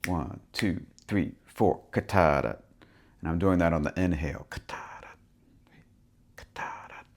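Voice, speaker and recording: A man's voice: low-pitched, normal speed. A man teaching a harmonica lesson, talking through the rhythm and sounding out syllables as he explains. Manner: relaxed, thinking aloud, speaks rhythm syllables and soft whispers. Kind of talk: instructional explanation with vocal rhythm demonstrations.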